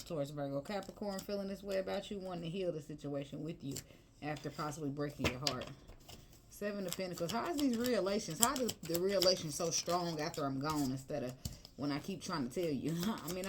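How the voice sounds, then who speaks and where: A fairly low-voiced woman chats her way through a tarot reading, loose and slangy. There is a faint hiss of noise under her voice. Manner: chatty, slangy, breaks into singing and laughs. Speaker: tarot reader.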